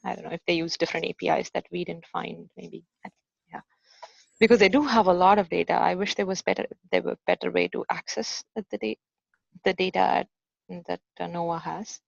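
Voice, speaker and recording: Gravelly-voiced woman talking casually. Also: on the low side, fairly even intonation, fairly quick, no echo, lo-fi sound. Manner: hesitant, filler-heavy. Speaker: software developer presenting work. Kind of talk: casual meeting talk.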